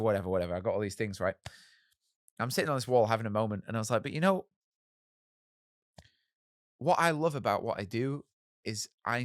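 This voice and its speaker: A man in his thirties, a musician guest telling animated stories in an interview and acting out the voices of people he quotes. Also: fairly low pitch, no room sound, studio quality. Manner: animated, acts out quoted voices, swears casually. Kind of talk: storytelling in a podcast interview.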